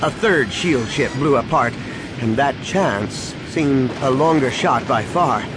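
A man narrating a science-fiction audiobook with a dramatic, expressive reading. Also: mid-range voice, slow. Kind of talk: scripted narration. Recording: music clearly behind.

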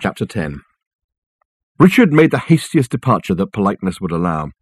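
A man narrates an audiobook in a low, slightly husky voice. His reading is measured and dry in delivery. The recording is close and dead, with no room sound. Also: big pitch swings, no room sound.

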